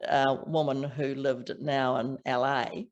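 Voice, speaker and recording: A woman's voice: rumbling low, flat delivery, slow pace, a little mellow, lo-fi sound. An older woman with a strong New Zealand accent, chatting as an author guest in an interview with frequent laughs and restarts. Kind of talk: casual interview chat.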